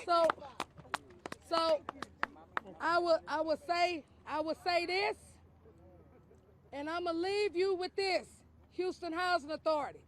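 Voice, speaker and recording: A man's voice: very high-pitched, fairly even intonation, slow pace, pauses often, a bit bright. A man leading a protest rally, emphatic and calling out chants for the crowd to repeat. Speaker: activist rally leader.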